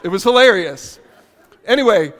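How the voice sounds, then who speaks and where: A man with a high voice preaches a conversational sermon, moving between teaching and funny stories. He repeats his key phrases for emphasis. The sound carries a long reverb from a large church hall. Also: moderate pace. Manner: animated storytelling with humor, repeats key phrases. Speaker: pastor. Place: church auditorium.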